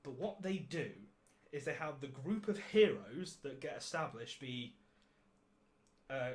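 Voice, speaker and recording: A man's voice: medium pitch, lively intonation, a little slow. A man hosting a podcast, reviewing a film in casual chat, sarcastic and ranting, swearing freely and laughing at his own jokes. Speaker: podcast host.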